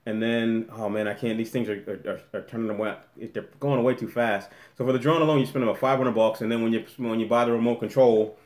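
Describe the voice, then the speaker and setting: A man's voice: mid-range voice, steady tone, fast talker, few pauses, darkish tone, reverberant. A man hosting a casual live-stream Q&A from a room at home, rambling and restarting often as he reads the chat aloud. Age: adult with a daughter.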